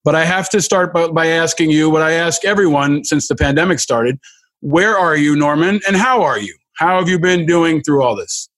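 Male podcast host, a touch high, effusive and halting, lots of restarts. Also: a bit bright. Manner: gushing, halting with many restarts. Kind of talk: effusive interview hosting.

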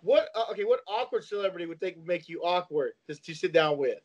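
A man's voice: sits high, expressive, quick pace. A man in casual podcast banter who talks hesitantly, with lots of "uh" and restarts, laughing along with his friends. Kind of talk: casual chat.

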